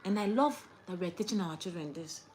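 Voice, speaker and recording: A young woman, lecturing viewers in a casual chat to camera and swinging between loud outbursts and hushed asides. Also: on the low side, brisk, a little hiss or hum. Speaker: vlogger.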